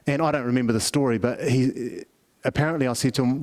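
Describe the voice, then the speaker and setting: A man's voice: mid-range voice, fast talker, a little mellow. A middle-aged man preaching a family service sermon, telling stories conversationally with many restarts. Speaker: pastor.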